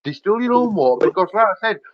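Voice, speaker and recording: A man's voice: sits high, big pitch swings, quick pace, crowd noise. A man hosting a livestream, ranting angrily and swearing, repeating himself as he goes. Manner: angry, profane, repetitive ranting. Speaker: livestream host. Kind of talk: heated livestream rant. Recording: dull lo-fi dry sound.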